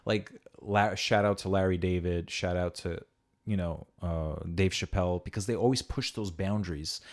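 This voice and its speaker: Deep-voiced man telling rambling stories. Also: normal speed. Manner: rambling storyteller, swearing, acting out quotes. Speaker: podcast host. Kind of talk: casual podcast chat.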